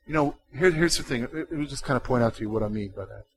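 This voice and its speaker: A pastor preaching a sermon, swinging from quiet, intimate passages to loud, emphatic ones. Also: male voice, medium pitch, fast talker, poor audio.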